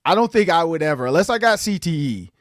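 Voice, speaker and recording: A man's voice: a little high, very animated, quick pace, dry recording, studio quality. A man hosting a podcast, talking in a casual, earnest and sincere way. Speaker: podcast host.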